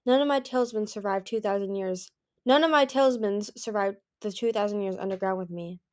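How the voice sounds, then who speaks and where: A woman's voice: mid-range voice, fairly quick, no echo, clean studio sound, natural voice. A woman voicing a huge ancient male dragon, talking in a breezy, persuasive way that turns cross.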